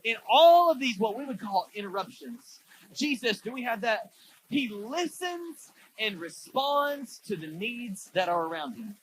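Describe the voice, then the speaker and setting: A man's voice: very high voice, big pitch swings, a little slow, a bit bright, slightly rough, rough recording. A male pastor preaching a sermon in a casual storytelling way, full of fillers, in a church.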